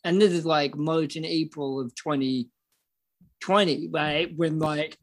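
A man's voice: a little high, steady tone, unhurried. A man co-hosting a political podcast, talking casually and bluntly with plenty of swearing. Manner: blunt, profane. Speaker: podcast co-host.

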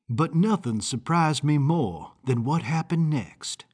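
A man reading first-person audiobook narration in a measured, deliberate way. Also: medium pitch, very animated, a little mellow, slightly rough.

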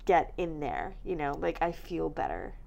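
A woman's voice: low-pitched, very animated, moderate pace, vocal fry, darkish tone, a little hiss or hum. A young woman co-hosting a podcast, chatting casually with lots of filler words, tired and yawning from recording late. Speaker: podcast co-host. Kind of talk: casual chat.

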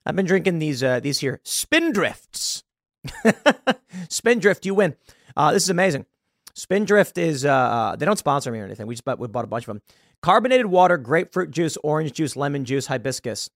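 A man's voice: on the high side, lively intonation, moderate pace, no room sound, clean studio sound. A man hosting a podcast, delivering an exasperated opinion rant with frequent laughs and repeated words. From United States. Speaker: podcast host.

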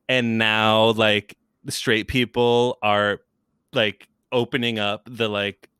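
A young man chatting casually as a podcast guest, rambling with lots of fillers and quick impressions. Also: medium pitch, a bit bright, clear, resonant tone, dry recording, clean studio sound. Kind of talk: casual chat.

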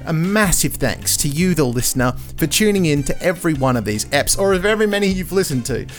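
An Australian man hosts a podcast in a casual, joking tone. His pitch swings about in a lively, animated way, and faint music plays under his voice. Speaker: podcast host. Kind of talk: casual chat and outro.

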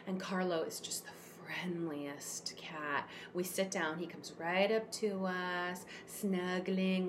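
Woman guest, slightly low voice, emotional storyteller, faint background hum. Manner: emotional, expressive, lots of fillers. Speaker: podcast guest, cat rescuer. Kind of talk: conversational storytelling.

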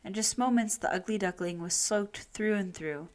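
A woman reading a children's story aloud, expressive and unhurried. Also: mid-range voice, slight background noise.

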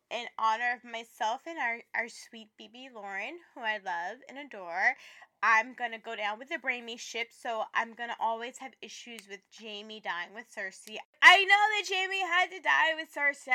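A woman co-hosting a podcast, chatting in a profane, animated way that swings from loud to hushed. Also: on the high side, moderate pace. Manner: profane, animated, laughing, dramatic. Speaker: podcast co-host. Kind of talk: casual chat.

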